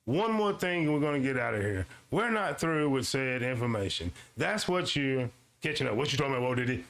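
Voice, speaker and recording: Gravelly, animated male streamer. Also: medium pitch. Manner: animated, swings between slow read-aloud and quick asides; talks back to his audience, repeats lines for emphasis. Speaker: show host. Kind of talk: casual streamed commentary reading a web page aloud.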